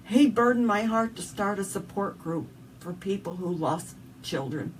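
A woman's voice: mid-range voice, animated, a little slow. A woman with a Southern US accent, a guest in an interview, telling an emotional personal story in an earnest, heartfelt way. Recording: distant mic with faint background noise.

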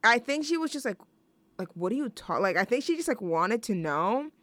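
A woman's voice: on the high side, very animated, a little fast, a bit bright, dry recording. A young woman hosting a student radio show, chatting casually between songs in a rambling, self-deprecating, jokey way. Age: young adult.

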